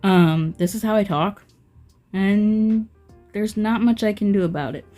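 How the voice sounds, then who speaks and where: A woman's voice: mid-range voice, mellow, soft background music. A woman talking through a nail art tutorial in a casual, rambling voice-over, full of fillers like "um" and "like". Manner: slow, filler-heavy, rambling.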